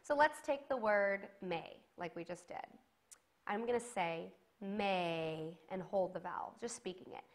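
A woman's voice: medium pitch, a little slow. A woman teaching a singing lesson to camera, giving encouraging instructions and demonstrating sung vowels between them.

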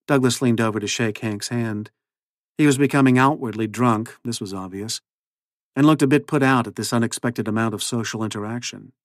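A man, the author, reading his own novel aloud in measured, low-key narration. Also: no room sound, studio quality.

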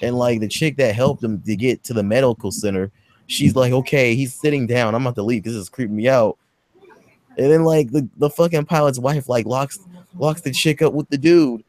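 A man hosting a podcast, recapping a movie in casual, profane, rambling chat and acting out quotes in a high voice. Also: fairly quick, darkish tone. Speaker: podcast host.

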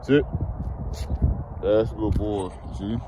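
A man's voice: on the low side, takes it slowly. A man talking casually and coaxing his dog as he walks outside, in a laid-back vlog style. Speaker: vlogger, dog owner. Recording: noisy outdoor street sound.

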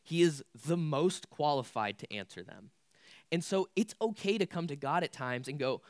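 A man's voice: on the high side, lively intonation, normal speed, dry recording, studio quality. A young man preaching a casual youth sermon, candid and conversational with lots of filler words. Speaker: youth pastor.

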